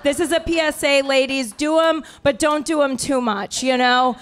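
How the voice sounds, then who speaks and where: A brash, profane woman in her thirties riffs through improvised stand-up, her voice pitched high. She mocks herself and the crowd freely, talking into a stage mic. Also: moderate pace, a bit bright. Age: 30s. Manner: brash, profane, self-deprecating. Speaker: stand-up comedian. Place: comedy club stage.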